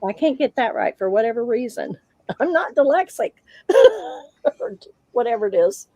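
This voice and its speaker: A woman's voice: on the high side, animated, normal speed, mellow, muffled recording. A woman hosting a casual craft livestream, reading out chat comments and laughing often between remarks.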